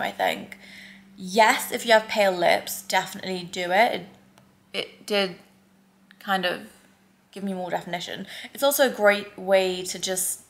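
A woman's voice: medium pitch, gravelly. Chatty young woman with a London accent. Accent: London English. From England. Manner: chatty and candid, lots of "like" and "babe". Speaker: beauty vlogger. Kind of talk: casual vlog chat. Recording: faint background noise.

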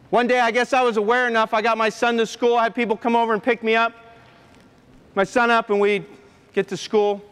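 A man who is a former coach and motivational speaker, telling an emotional personal story to an audience in an earnest, halting way. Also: extremely high pitch, a bit bright, clean tone. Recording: long hall reverb.

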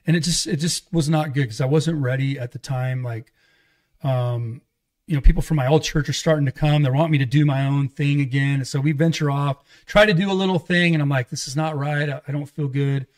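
A man's voice: a little high, fairly quick. A man, a pastor guest on a podcast, telling a candid personal testimony in rambling casual talk and acting out the dialogue. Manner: rambling storytelling with restarts, acting out quoted dialogue.

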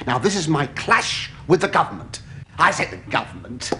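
A middle-aged English comedian with a stammering, camp delivery, full of asides to a live audience. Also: male voice, fairly high pitch, very animated, normal speed. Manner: stammering, camp asides, ooh-ing and mock protest. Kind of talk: stand-up style sitcom monologue to live audience. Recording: loud studio audience laughter and noise.

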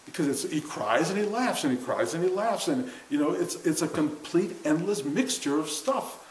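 A man's voice: on the high side, animated, normal speed. Older man, earnest spiritual talk, roomy echo. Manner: earnest and conversational, often laughing. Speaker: spiritual teacher. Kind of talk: informal spiritual talk to a class. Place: room with a seated audience. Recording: roomy echo with faint hiss.

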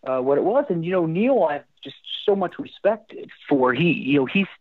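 A man's voice: on the high side, moderate pace, no echo. A middle-aged man, a rock singer and guest, telling stories animatedly in a casual interview. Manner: animated storyteller with restarts and fillers. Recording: thin phone-like line, dry.

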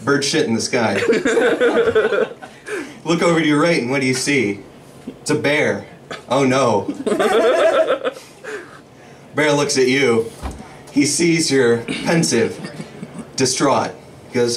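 Slow, deadpan young man doing stand-up. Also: medium pitch, noisy background. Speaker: first-time stand-up comedian. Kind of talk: stand-up comedy set. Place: small bar comedy stage. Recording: distant mic with loud crowd laughter.

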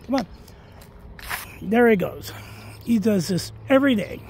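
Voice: mid-range voice, expressive, measured pace, gravelly, darkish tone, slightly rough. A person talking to their cat in a casual, coaxing, sing-song way while filming a walk outdoors in the cold on a phone. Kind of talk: casual talk to a pet.

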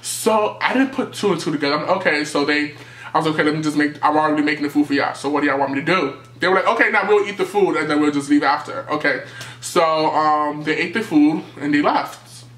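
Animated young New man, echoey room. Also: a little high, quick pace. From New York City. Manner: animated storytelling, acting out quotes, jumps to yelps. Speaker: vlogger. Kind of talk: storytime vlog.

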